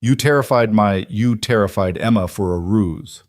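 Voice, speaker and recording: A man's voice: on the low side, normal speed, no room sound, clean studio sound, close to an everyday voice. A man reading the lines of a fierce, protective woman executive in a firm, emotional tone. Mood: furious.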